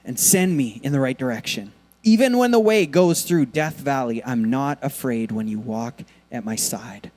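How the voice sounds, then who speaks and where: A man preaching a sermon in a church, talking casually with lots of fillers, and swinging between soft, quiet lines and loud, emphatic ones. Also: medium pitch, lively intonation, a little fast. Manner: casual, conversational preaching with many fillers and laughs. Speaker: pastor.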